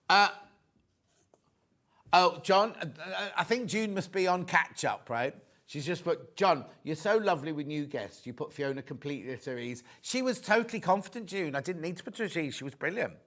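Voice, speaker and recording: A man's voice: a little high, expressive, normal speed, fairly bright tone. Chatty British man selling sewing fabric. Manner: chatty, teasing, reading out prices and viewer messages. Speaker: shopping channel presenter. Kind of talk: live sewing shopping show chat. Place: TV studio.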